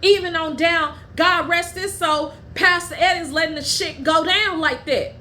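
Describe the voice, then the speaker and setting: A woman hosting her own podcast, telling personal stories in a blunt, profane and heated way, at times dropping low and quiet. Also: fairly even intonation, measured pace, a little hiss or hum. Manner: drops low and quiet when telling family matters. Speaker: podcast host. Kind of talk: candid personal storytelling.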